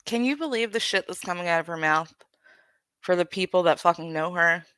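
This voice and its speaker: Streamer woman, blunt, profane rant, bright sharp tone, dry close sound. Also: lowish voice, brisk, clear, resonant tone, no echo. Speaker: livestream host. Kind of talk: heated livestream rant.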